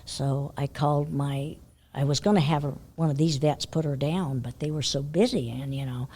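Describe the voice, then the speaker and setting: An older woman from California tells a rambling story as an interview guest, her voice husky and a bit low. She laughs often and drops to a near whisper when voicing her own thoughts. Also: steady tone, normal speed, warm tone. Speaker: interview guest, horse trainer. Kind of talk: casual storytelling.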